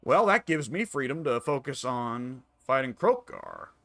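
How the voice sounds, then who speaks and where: A man's voice: medium pitch, sing-song, unhurried, a bit bright, no echo. A man casually commenting on his own strategy game, musing and wry, talking half to himself. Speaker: gameplay commentator.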